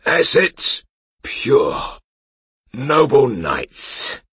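A man's voice: medium pitch, sing-song, very slow, pushed and bright, husky, no echo, pitched above the performer's own voice, full character voice. A man voicing a drunken, disgraced knight who talks with a wistful slur. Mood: maudlin. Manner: slurred, wistful. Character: drunken disgraced middle-aged knight, maudlin, slurring.

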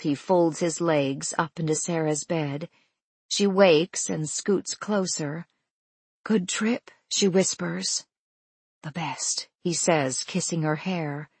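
A woman narrating a scripted story in a gentle, unhurried way. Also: fairly low pitch, slightly rough, no echo.

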